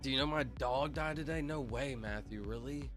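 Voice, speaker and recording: A young man livestreaming, chatting loosely with his chat, reading out names and laughing loudly. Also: medium pitch, normal speed, soft background music. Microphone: headset mic.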